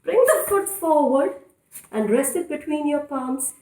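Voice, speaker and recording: A woman leading a children's yoga class in a playful, encouraging way, giving clear step-by-step instructions. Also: high-pitched, lively intonation, measured pace, darkish tone. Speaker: kids' yoga teacher. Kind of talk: guided kids' yoga instruction. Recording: echoey room, voice from a distance.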